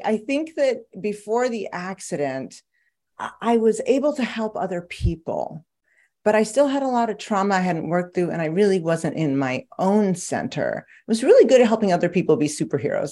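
Speaking fairly quickly in a lowish voice, this author is a guest on a podcast, trading stories in a relaxed interview chat. Laughter comes frequently from her as she tells her lively tales.

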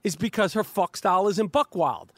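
A man's voice: high voice, animated, normal speed, fairly bright tone, dry recording. A man hosting a casual podcast from his backyard, rambling and profane, with lots of stammering restarts. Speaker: podcast host. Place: backyard, outdoors. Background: dog barking.

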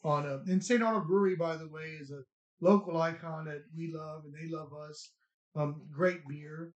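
A man's voice: on the high side, fairly even intonation, moderate pace. A man, a toy shop owner, chatting casually and rambling with laughs in an echoey store. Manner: laid-back, laughing, rambling with restarts. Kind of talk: casual interview chat. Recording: roomy echo, dull lo-fi sound.

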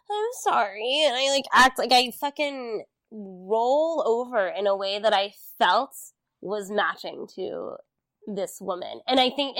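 A woman guest on a casual podcast, talking hesitantly with many fillers. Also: on the high side. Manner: hesitant, filler-heavy, soft-spoken.

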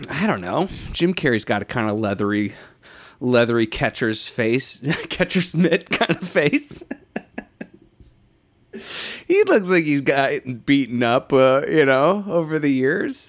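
A man's voice: medium pitch, sing-song, unhurried. A young man hosting a podcast, rambling through a casual comedic monologue with sardonic asides, chuckles and profanity. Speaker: podcast host.

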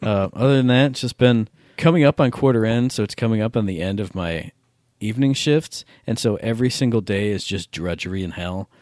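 A man's voice: on the low side, brisk, few pauses, a little mellow, no room sound, studio quality. A man co-hosting a podcast over a Skype call, talking casually in a laid-back, rambling, self-deprecating way. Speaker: podcast co-host. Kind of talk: casual chat.

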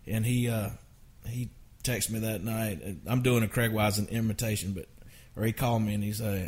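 A man's voice: fairly low pitch, fairly even intonation, moderate pace. A man, a songwriter guest, telling stories in a rambling, self-interrupting way with frequent chuckles. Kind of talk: casual storytelling interview.

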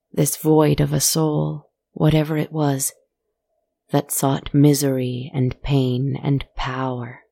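A woman narrating a spooky story in a calm, scripted way, soft and hushed, at times dropping to a whisper. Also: sits low, creaky, husky, no room sound.

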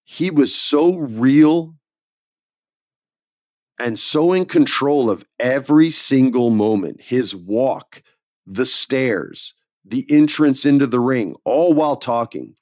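Excited man talking wrestling. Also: mid-range voice, takes it slowly, no echo, studio quality. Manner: excited storyteller, slangy. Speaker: podcast co-host. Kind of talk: casual wrestling chat.

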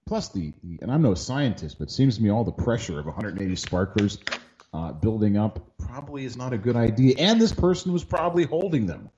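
A male podcast host with a lively, swinging delivery, cracking dry jokes in casual chat. The recording sounds a bit dull and lo-fi. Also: lowish voice, a little fast, slight background noise. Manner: dry, joking.

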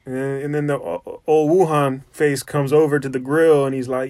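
A young man hosting a comedy podcast, with a slightly high voice and loose, joking banter. He swears freely and keeps trailing off and restarting. The sound is dry and close to the mic. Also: normal speed, few pauses, a little mellow, no echo.

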